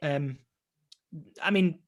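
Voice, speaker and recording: A young adult man, an actor and interview guest, telling his story in a lively, casual way and acting out remembered conversations. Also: fairly high pitch, extremely slow.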